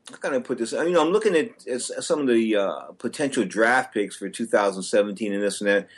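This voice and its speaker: A man's voice: mid-range voice, fast, slightly rough. Brash male sports radio host. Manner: brash, opinionated, rambling with restarts. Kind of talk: casual sports radio chat.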